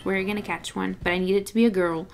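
A young woman chatting excitedly through a let's play, groaning and laughing at the game. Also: mid-range voice, quick pace, creaky, faint music behind. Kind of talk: casual gameplay commentary.

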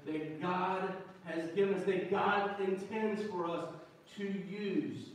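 A man's voice: high-pitched, steady tone, takes it slowly. A man preaching a sermon as pastor, folksy and joking, calling out to the congregation. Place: church sanctuary. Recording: echoey church hall, mic from a distance.

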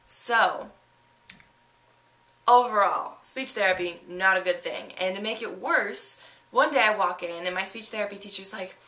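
A woman telling comic stories to camera in an animated, sarcastic way, in a roomy-sounding space. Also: medium pitch, moderate pace. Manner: animated, sarcastic, with acted-out voices. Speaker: vlogger. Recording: roomy echo.

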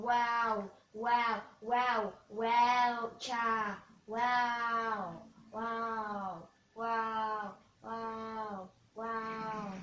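A woman talks her viewers through gameplay in a slow, higher voice, chatty and quick to burst into cheers and yelps. She sits well back from the microphone in a roomy space. The sound is dull and lo-fi. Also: fairly bright tone, distant mic, slight background noise. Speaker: gaming video creator. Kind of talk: live gameplay commentary.

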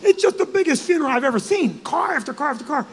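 High-voiced man telling a comic story. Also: quick pace, vocal fry, long reverb tail. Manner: animated, swears, shouts at punchlines. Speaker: comedian and co-host. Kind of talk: live stand-up storytelling.

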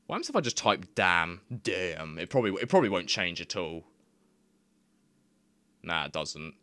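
A man's voice: deep voice, very animated, normal speed, sharp tone, no room sound. A young man giving casual, rambling commentary on his screen, laughing often and swearing freely. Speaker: YouTuber.

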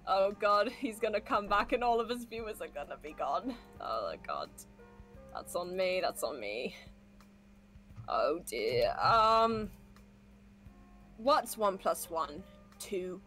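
A woman's voice: medium pitch, expressive, slow, pauses often, fairly bright tone, faint music behind. A young adult woman streaming a game, chatting casually and goofing around with silly sound effects and jokes. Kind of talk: casual gaming chat.

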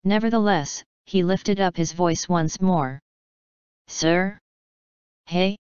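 A woman reads a classic novel in a measured, even manner, her voice lowish and very clear. The recording is dry and close, with a slightly dull tone. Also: dry recording. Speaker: audiobook narrator. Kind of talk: scripted narration.

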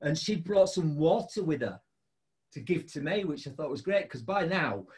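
A man hosting a show, telling a funny story in a casual chat, laughing often. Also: normal speed. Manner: animated, laughing storyteller with big pitch jumps. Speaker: podcast host.

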